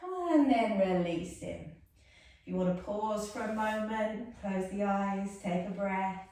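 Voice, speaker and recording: A woman's voice: medium pitch, slow pace, mellow, a little hiss or hum. A woman guiding a yoga class, soothing and chatty, with self-mocking asides. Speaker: yoga instructor. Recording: echoey room, mic far off.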